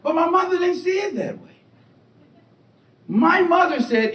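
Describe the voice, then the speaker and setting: Middle-aged male keynote speaker, high and animated, storytelling with voices; captured from afar in a reverberant hall. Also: extremely slow, pauses often. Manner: animated storytelling, acts out voices and asks the crowd questions. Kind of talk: motivational keynote speech. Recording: echoey hall, distant mic, faint rumble.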